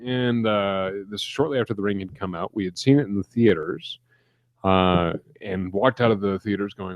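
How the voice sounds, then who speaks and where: A man co-hosting a podcast in casual chat, an animated storyteller who acts out his own anecdotes. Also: lowish voice, normal speed, dry recording, muffled recording. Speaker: podcast co-host.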